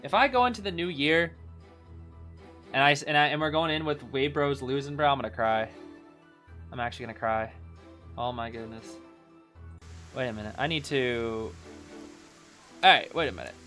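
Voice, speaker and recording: A man casually co-watching an esports final, reacting excitedly and often saying "bro". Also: medium pitch, normal speed, pauses often, soft background music. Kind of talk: casual live watch-along commentary.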